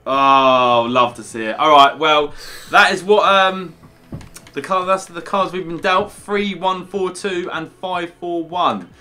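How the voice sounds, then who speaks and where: A man's voice: on the high side, fairly even intonation, takes it slowly, pushed and bright. A young man hosting a gaming video, chatty and upbeat, often calling his co-host "mate". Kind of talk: casual gaming video commentary.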